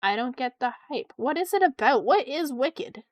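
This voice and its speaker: A young woman chatting casually with her viewers while drawing on stream, excitable and quick to swear. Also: sits high, dry recording. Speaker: art streamer.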